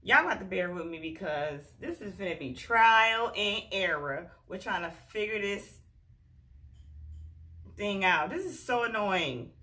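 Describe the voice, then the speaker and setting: A woman's voice: mid-range voice, animated, unhurried, sharp tone. Woman vlogger, casual and exasperated, chatting straight to camera as she works on her hair. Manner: exasperated, chatty, talks to viewers as "y'all". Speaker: beauty vlogger. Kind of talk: casual hair tutorial chat.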